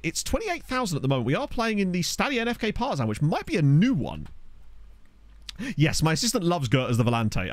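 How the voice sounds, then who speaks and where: A young man giving chatty, excitable live commentary on a football management game while streaming and answering his chat. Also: mid-range voice, no room sound. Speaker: gaming streamer. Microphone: desk USB microphone.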